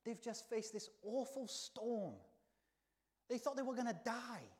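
A man preaching a sermon in a church, telling the story with lively swings between soft, hushed lines and loud exclaims. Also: very high-pitched, a little slow. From not from the country where he preaches.

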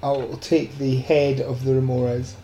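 Woman, tabletop player, low mellow voice, hesitant, roomy sound. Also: little pitch movement, unhurried, slight background noise. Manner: hesitant, many ums. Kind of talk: playing a tabletop game. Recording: roomy sound with faint music.

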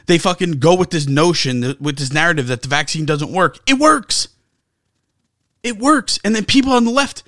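A man's voice: high-pitched, fairly bright tone, dry recording, studio quality. A man co-hosting a sports talk show, ranting with heavy swearing and sarcasm. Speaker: sports podcast co-host. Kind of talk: heated sports talk rant.

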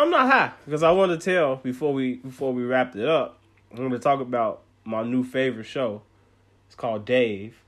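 A man from the United States in casual podcast chat, animated and profane, quick to laugh. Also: mid-range voice.

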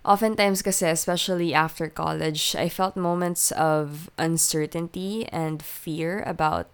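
A young woman in her twenties hosting a casual podcast, her voice nasal and blocked from allergies, talking in a soft, reflective way. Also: low-pitched, steady tone, a little slow, smooth. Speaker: podcast host. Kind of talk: casual solo podcast talk.

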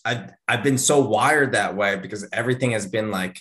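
A podcast host in his thirties tells a story in casual conversation, talking briskly with few pauses. He's animated, acting out the quotes with big leaps in pitch.

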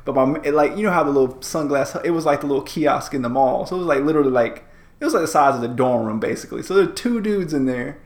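A man's voice: on the high side, animated, fast, echoey room. A man in his thirties, a podcast co-host chatting casually in a laid-back, rambling way. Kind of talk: casual chat.

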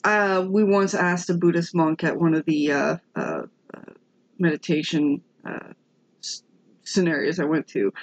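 A woman's voice: deep voice, expressive, unhurried, lo-fi sound. A woman co-hosting a casual podcast chat, making teasing jokey remarks.

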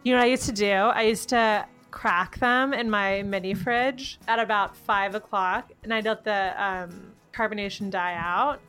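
A woman's voice: medium pitch, steady tone, normal speed, hardly any pauses, fairly bright tone, smooth, faint music behind. A young woman with a Southern US accent, chatting casually and rambling with lots of "like.". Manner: rambling, heavy use of "like". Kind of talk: casual chat.

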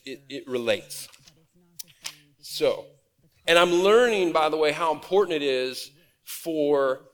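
A man from Nebraska preaching a conversational, animated sermon from a church stage. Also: a little high. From Nebraska, USA. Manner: conversational and animated, acts out quoted voices. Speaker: pastor. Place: church auditorium. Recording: reverberant hall.

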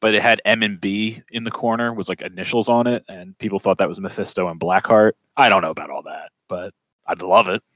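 A man co-hosting a podcast, talking in a relaxed, casual way with hesitations. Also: on the low side, fairly quick, no room sound. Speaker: podcast co-host.

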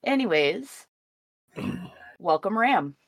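Low-voiced gal co-hosting a chill podcast, teasing, dry close sound. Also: female voice, sing-song, drawn-out words, no echo. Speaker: podcast co-host. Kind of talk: casual podcast chat.

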